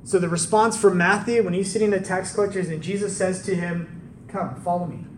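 A man's voice: high voice, fairly even intonation, fairly quick. A man preaching a sermon, telling stories in a conversational way and asking rhetorical questions. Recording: roomy, distant mic with faint background noise.

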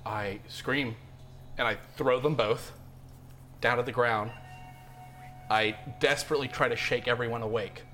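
A man playing a tabletop game, describing his character's actions with strong emotion. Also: mid-range voice. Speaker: player. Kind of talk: tabletop game role-play.

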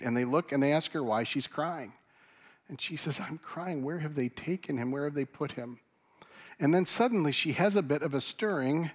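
A man preaching a sermon, animated, swinging from loud emphasis to hushed tones. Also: mid-range voice. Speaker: pastor. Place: church.

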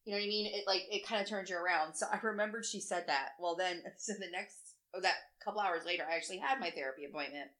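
A woman's voice: fairly low pitch, fast talker, hardly any pauses, bright, forceful tone. A woman in her forties telling stories in casual podcast chat, blunt and profane, acting out what people said. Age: 40s. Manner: blunt, profane storytelling with acted-out quotes. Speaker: podcast co-host.

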